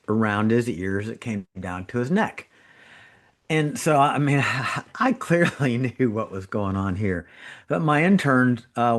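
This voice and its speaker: A middle-aged man, a trauma surgeon and regular podcast guest, telling anecdotes in casual chat, laughing as he goes and acting out quotes. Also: on the low side. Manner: chatty storyteller who laughs through anecdotes and acts out quotes.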